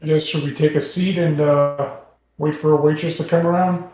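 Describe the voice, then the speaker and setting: Mellow man in a very echoey room. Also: fairly high pitch, fairly even intonation, moderate pace. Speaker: player. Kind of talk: tabletop role-play.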